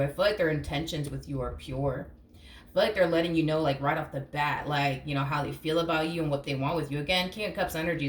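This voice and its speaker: A woman gives a tarot reading in a loose, chatty way, blunt and full of swearing. Her voice sits a little low and rings in an echoey room with a faint hum behind it. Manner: acts out imagined reactions in quotes. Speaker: tarot reader. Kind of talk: casual tarot reading to camera.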